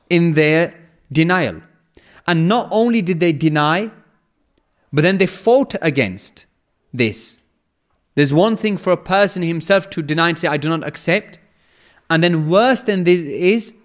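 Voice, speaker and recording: A man teaching scripture with a slightly raised pitch. He lays out each point in measured steps and repeats key phrases for emphasis. He breaks into quick Arabic recitation between his explanations. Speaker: Quran lecturer. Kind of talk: explanatory religious lecture.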